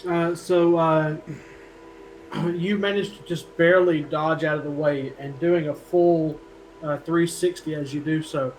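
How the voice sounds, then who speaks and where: A man's voice: a little high, fairly even intonation, unhurried, low-quality recording. A man running a tabletop role-playing game as game master, narrating with many hesitations. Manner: hesitant, filler-heavy narration.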